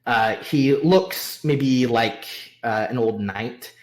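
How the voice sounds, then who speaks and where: A man's voice: medium pitch, slow. A man acting as game master, describing the scene in a hesitant way with many fillers. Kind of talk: narrating a tabletop game.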